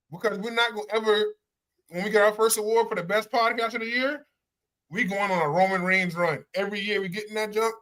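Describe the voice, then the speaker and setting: Brash high-voiced male podcast host. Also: pushed and bright. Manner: brash, trash-talking. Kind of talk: casual wrestling talk.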